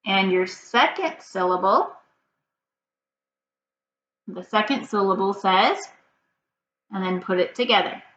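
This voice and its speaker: Woman teacher doing phonics with kids, slow and patient, bright voice, kinda echoey and muffled, faint hiss. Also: mid-range voice. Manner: slow, patient, sound-by-sound prompting. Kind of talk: reading lesson for young children. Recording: dull, slightly noisy, roomy sound.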